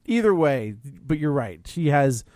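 A man's voice: fairly high pitch, sing-song, measured pace, darkish tone, no room sound, studio quality. A man chatting casually as a podcast co-host, recapping a film plot with many fillers and restarts. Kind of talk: casual movie review chat.

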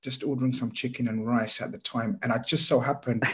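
A man chatting as a podcast guest, telling stories in an animated, rambling way. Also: medium pitch, a little fast, dull audio, a little hiss or hum. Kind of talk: casual football chat.

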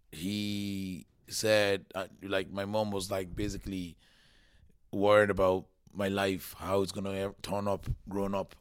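A man in his thirties, originally from Nigeria, talks through his life story in a loose, lively way, often stopping to restart a sentence. His voice sits low, and the sound is close and dry with no room echo. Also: smooth. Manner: chatty and animated, restarts a lot, acts out quotes. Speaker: guest, comedian. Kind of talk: casual interview storytelling.

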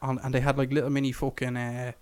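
Young Irish man, podcast co-host, chatty storyteller, swears freely, mid-pitched voice. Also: completely flat delivery, fast talker, clean tone, dry recording. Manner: swearing, laughing, acts out quotes in a raised voice. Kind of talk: casual chat, storytelling.

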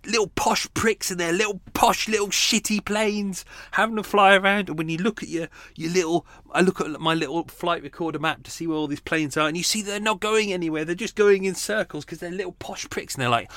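British male podcast host, slightly high voice, rambling and grumbly, shaken and breathless, recorded at home. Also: fairly even intonation, fairly quick, hardly any pauses, fairly bright tone, no echo. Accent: British English. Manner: rambling, grumbling, self-interrupting. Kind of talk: casual unedited chat. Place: home room.

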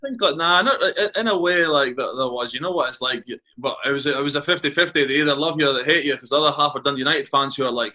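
A former footballer from Carnoustie, Scotland, chats as a guest on a casual podcast, telling rambling anecdotes full of restarts and repeated words. His mid-range voice is fast and sharp, with hardly any pauses.

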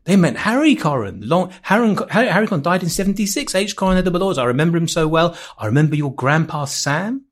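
Fast-talking, rambling man. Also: a little high, very animated. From England. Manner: rambling, self-interrupting storyteller with frequent restarts; wry, jokey. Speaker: podcast guest. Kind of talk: casual chat.

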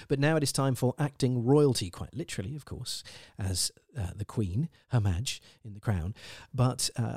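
A man's voice: mid-range voice, a little mellow, no room sound. Effusive male podcast host, dry close sound. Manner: enthusiastic and effusive, heaps praise on guests. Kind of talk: casual chat and spoken links between clips.

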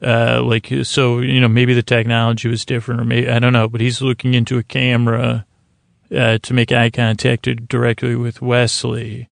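Gravelly, flat-voiced man rambling softly. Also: mid-range voice, moderate pace, no room sound. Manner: meandering, hesitant, many restarts and fillers. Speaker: sleep podcast host. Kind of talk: rambling recap of a TV episode.

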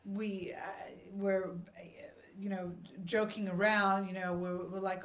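A woman's voice: medium pitch, steady tone, moderate pace. A woman telling stories as a guest actress, chatty and laughing often. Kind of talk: casual storytelling interview. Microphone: remote call mic. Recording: roomy echo from a distance.

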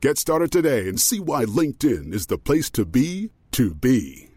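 A deadpan ad figure bragging about the deepest voice in the world, as a man puts him on. His pitch swings widely and his tone is husky. The recording is dry and close. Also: a little slow, no room sound. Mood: deadpan boastful. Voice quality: very deep voice. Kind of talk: radio ad.

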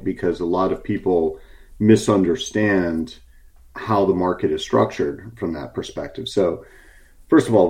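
A man's voice: low-pitched, darkish tone. A man from the United States talking casually as an interview guest, telling a story with many fillers and restarts and a wry tone. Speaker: interview guest, short seller.

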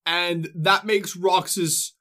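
A man hosting a casual podcast, walking friends through a game's story in a quick, loose retelling. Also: sits high, fairly even intonation, pushed and bright. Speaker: host. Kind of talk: casual chat, recapping a game story.

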